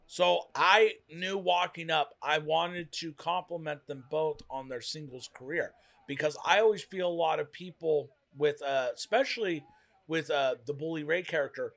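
Chatty high-voiced man talking fast. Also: gravelly, fairly bright tone. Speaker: co-host. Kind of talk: casual reaction chat.

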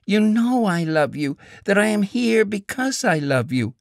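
A man voicing a young upper-class woman who pleads in a soft, emotional way, read in an audiobook. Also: high voice, big pitch swings, a little slow, creaky, no echo, studio quality, pitched above the performer's own voice, heavily acted. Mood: tearful. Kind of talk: audiobook character reading.

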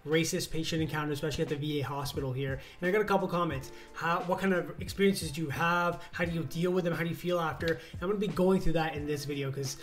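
A man's voice: a little high, fast talker, hardly any pauses, faint music behind. A young adult man, a doctor hosting his own channel, explaining earnestly in a casual vlog. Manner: earnest, explanatory, rising emphasis. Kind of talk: casual talking-to-camera vlog.

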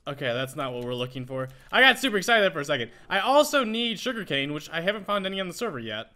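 A man hosting a casual Minecraft let's play, chatting excitedly as he plays and talking to the animals he finds. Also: a little high, quick pace. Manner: excitable, talks to in-game animals. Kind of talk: casual gameplay commentary.

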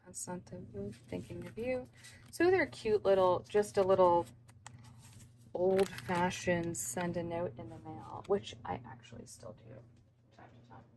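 A young woman talks through an unboxing at her home desk in an easy, rambling way, full of ums and likes. Her voice sits low and has a gravelly fry to it. There is a steady hiss of noise under the recording. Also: unhurried. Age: young adult. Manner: rambling, chatty, many fillers. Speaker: planner vlogger. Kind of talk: casual unboxing chat. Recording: noisy background.

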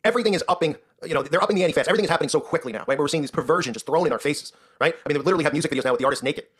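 Male commentary host, husky, very fast, indignant sarcastic rant. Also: on the high side, fairly bright tone. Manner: indignant, sarcastic, repeats "right?". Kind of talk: ranting commentary.

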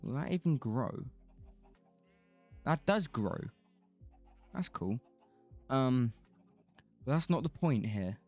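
A man drawls through his gameplay in casual, unhurried chat. He drifts between topics, swears freely and half-sings snatches of songs, with faint music playing underneath. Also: medium pitch, big pitch swings, a little mellow, dull audio. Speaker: streamer.

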